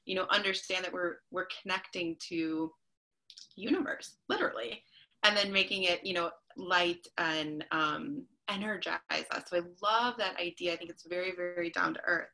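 Bright-voiced woman hosting a podcast interview. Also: lowish voice, moderate pace. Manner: warm-hearted rambling with many fillers. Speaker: podcast host. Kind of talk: casual interview chat.

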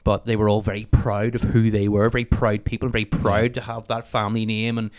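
A man in his thirties with a Northern Irish accent, chatting as a podcast guest, animated and swearing freely. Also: lowish voice, clean tone. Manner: swears freely, animated storytelling, rapid talk. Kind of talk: casual interview chat.

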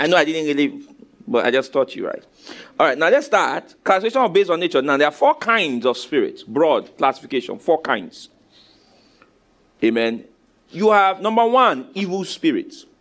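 A male pastor with a Nigerian accent preaches with command and animation. His sermon moves between loud exhortation, low asides and call-and-response with his congregation.

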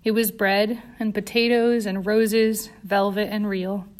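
A woman reads a tense story aloud with steady, dramatic pacing. Her narration stays controlled and clear while the story builds suspense. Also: medium pitch, measured pace. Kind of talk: audiobook narration.

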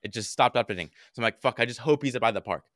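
Brief: young male podcast co-host, bright forceful voice, dry close sound, animated casual storyteller who swears a lot. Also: mid-range voice, fast talker, no echo. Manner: animated, swears often, acts out quotes.

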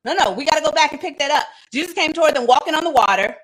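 A woman leading a casual livestreamed Bible study, animated and quick to laugh, with dramatic asides. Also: sits high, poor audio.

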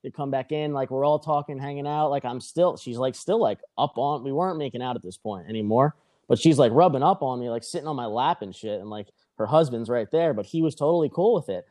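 A man's voice: mid-range voice, brisk. A young man telling a rambling, profane story in casual podcast chat, acting out the other people's lines. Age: young adult. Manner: rambling, profane, animated retelling.

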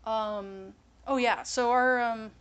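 Woman, casual chat, giggly and dry-humored, slightly high pitch. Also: steady tone, takes it slowly, fairly bright tone, clear, resonant tone. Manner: easygoing, giggly, dry quips.

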